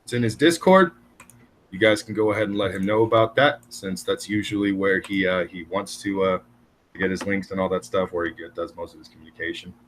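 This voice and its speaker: A man's voice: deep voice, fairly quick, a bit bright, a little hiss or hum. A man co-hosting a stream, chatting casually with some hesitation. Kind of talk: casual chat.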